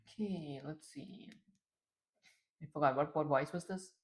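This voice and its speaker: A young man talking casually on a live stream, rambling aloud and clearing his strained throat often. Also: fairly high pitch, a little slow, poor audio. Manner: rambling, self-commenting, frequent throat-clearing.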